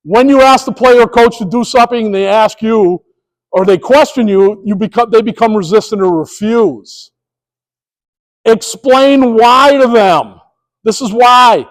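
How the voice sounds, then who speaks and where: Middle-aged male presenter, higher-pitched voice, storytelling delivery with acted-out umpire calls, speaking to a live room. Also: a little slow, poor audio. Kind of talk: presentation to sports officials.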